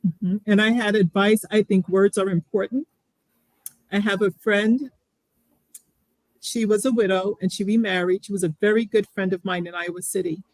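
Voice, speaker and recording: A woman's voice: mid-range voice, fairly even intonation, normal speed, darkish tone, no echo, rough recording. A middle-aged woman, a guest on an interview show, speaking earnestly and reflectively, often restarting her sentences. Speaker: guest sharing her story. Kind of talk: candid interview.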